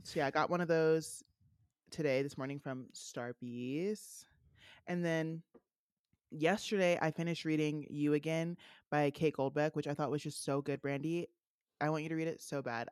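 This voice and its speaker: A woman's voice: low-pitched, steady tone, moderate pace, darkish tone, smooth, no echo, clean studio sound. A woman co-hosting a casual podcast, rambling along and filling her sentences with "like.". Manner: rambling, heavy on "like" fillers. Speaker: podcast co-host. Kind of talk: casual chat.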